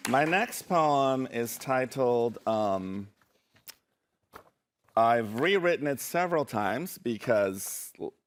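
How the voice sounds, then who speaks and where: A man's voice: medium pitch, expressive, slow. Playful man telling stories onstage. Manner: playful, self-mocking, laughing through lines. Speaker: spoken word poet and storyteller. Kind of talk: live comic storytelling and poetry reading.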